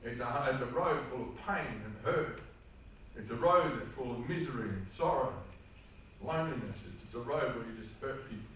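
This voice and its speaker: An Australian man gives a seminar talk in a large hall, recorded from a distance so his voice carries a heavy echo. His tone is bright and forceful, and he tells personal stories in an earnest, plain-spoken way. A faint hum of room noise sits behind him. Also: mid-range voice, lively intonation, moderate pace. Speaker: seminar speaker. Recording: echoey hall, mic far off.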